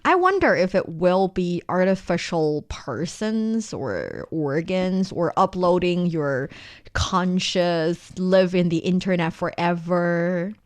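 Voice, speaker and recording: A woman's voice: on the low side, slow pace, no echo. A woman with a Chinese accent, a native Chinese speaker, co-hosting a language-learning podcast and explaining words step by step in a chatty way. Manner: explains word by word, lively and chatty. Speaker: podcast co-host and Chinese teacher.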